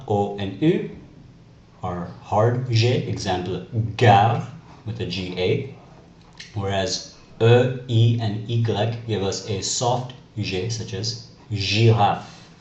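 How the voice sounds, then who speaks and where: A man's voice: lowish voice, takes it slowly, pauses often, a little mellow, highs cut off. A man from Canada teaching a class through a video lesson, explaining carefully and spelling out letters one by one. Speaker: French teacher. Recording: echoey room with faint noise.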